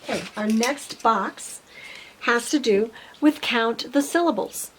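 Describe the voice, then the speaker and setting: A middle-aged woman speech teacher giving parents a patient step-by-step tutorial, modeling simple sentences slowly. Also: on the high side, fairly bright tone, slight background noise, rough recording.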